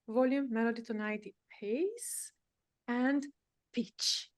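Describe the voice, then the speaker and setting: A woman's voice: fairly high pitch, normal speed. A woman teaching a live voice-coaching lesson. She explains each point emphatically and changes her delivery to demonstrate. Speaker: speaking and voice coach.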